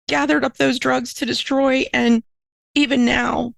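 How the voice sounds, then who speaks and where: A woman's voice: high voice, little pitch movement, measured pace, gravelly, dry recording, poor audio. A woman minister, a podcast guest, telling a personal story in an earnest, emotional way, her voice climbing when she is moved.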